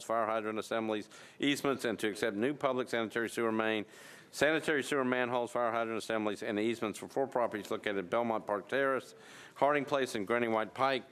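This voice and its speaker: A man presiding over a city council meeting, reading bills and calling votes in a brisk, routine procedural cadence. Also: medium pitch, fairly bright tone, clear, resonant tone. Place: council chamber.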